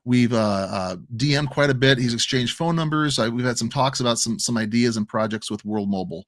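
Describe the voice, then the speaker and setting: A man's voice: mid-range voice, a little fast, a bit bright, no room sound. A man from the American Midwest, co-hosting a crypto livestream, telling an emotional story with many restarts and repeated words. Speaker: crypto stream co-host. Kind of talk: casual livestream chat.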